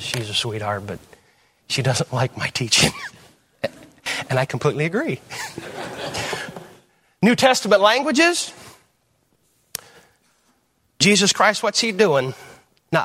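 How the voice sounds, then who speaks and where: Preaching a teaching sermon in church, a man fires off rhetorical questions, swinging up to loud emphasis and down to low asides.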